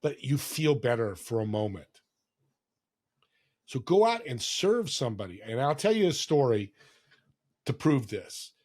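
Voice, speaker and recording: A man speaking as a guest on a podcast, earnest and conversational, with a voice of middling pitch. He tells personal stories and slips into the voices of the people in them. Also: big pitch swings, measured pace, long pauses, a little mellow, slightly rough. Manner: earnest storytelling, acts out quoted voices. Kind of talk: casual interview talk.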